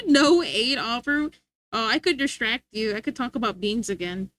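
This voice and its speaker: A woman's voice: fairly high pitch, lively intonation, a little slow, fairly bright tone. A woman streaming live and chatting casually with her chat, playful and teasing, laughing often.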